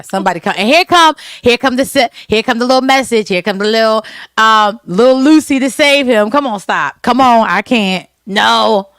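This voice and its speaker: A woman's voice: on the high side, normal speed, a bit bright, no room sound, studio quality. A woman co-hosting a casual podcast about a TV series, playful and emphatic, laughing often. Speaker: podcast co-host. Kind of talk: casual chat reviewing a TV series.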